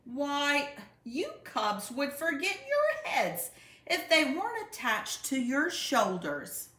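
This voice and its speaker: A woman doing a blustering storybook bear dad, scolding loudly, lively swoops in pitch, roomy echo. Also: slow, exaggerated voice. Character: gruff bear father, quick to roar.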